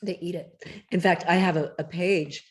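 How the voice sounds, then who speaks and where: Woman, lowish voice, emphatic lecturing tone, morning-rough throat, interview chat. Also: steady tone, normal speed. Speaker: cookbook author guest.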